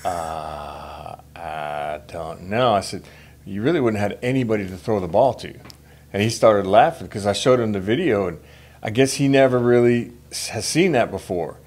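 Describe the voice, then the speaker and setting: A man in a casual podcast chat, relaxed, chiming in with short replies and his own anecdotes. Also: on the low side, a little fast.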